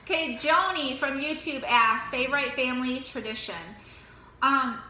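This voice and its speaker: A woman's voice: high-pitched, moderate pace, pushed and bright. A middle-aged woman, mother of the family, chatting casually and laughing often while calling on each family member in turn. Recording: echoey room, light noise.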